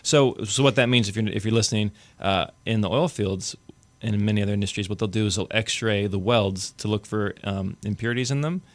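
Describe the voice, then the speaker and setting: Lower-voiced talkative man on a podcast. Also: fairly quick, dry recording. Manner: animated, talkative storyteller. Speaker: podcast co-host, realtor. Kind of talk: casual podcast chat.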